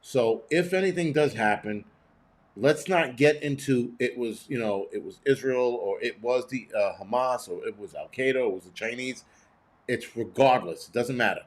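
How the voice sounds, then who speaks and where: A man's voice: medium pitch, moderate pace. Blunt, profane man hosting a live stream. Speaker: host of a prepping show. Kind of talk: live-stream commentary reading chat.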